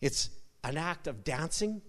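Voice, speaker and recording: A man with a high voice preaches in a church, telling jokes as he goes. He stumbles and repeats words, then bursts out loud now and again. His voice rings out in a long, echoing hall. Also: expressive, a little slow. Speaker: pastor. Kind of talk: sermon with jokes. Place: church sanctuary.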